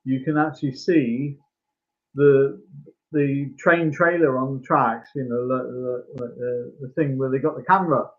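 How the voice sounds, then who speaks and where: Halting man on a tinny line. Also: medium pitch, fairly even intonation. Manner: halting, many fillers and restarts. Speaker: podcast co-host. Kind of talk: casual film discussion.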